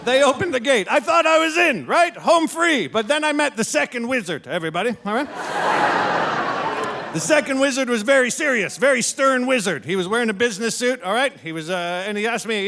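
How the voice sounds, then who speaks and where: A young man from Canada doing a stand-up comedy set before a live crowd, telling a story, acting out characters and shouting punchlines. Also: very high voice, animated, fairly quick. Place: comedy venue with live audience.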